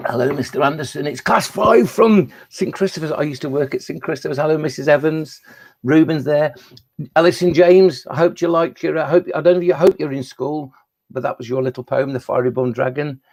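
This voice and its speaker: A man's voice: fairly high pitch, brisk. A man with a Midlands accent, a children's poet, reading playful rhymes and chatting with schoolchildren on a live stream. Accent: Midlands English. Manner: playful rhyming recitation and chatty asides to children.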